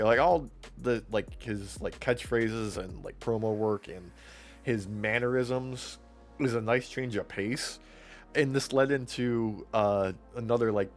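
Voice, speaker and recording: A man's voice: medium pitch, unhurried, faint music behind. Profane, laughing podcast host man. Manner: profane, laughing, acts out quotes in voices. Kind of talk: casual wrestling recap chat.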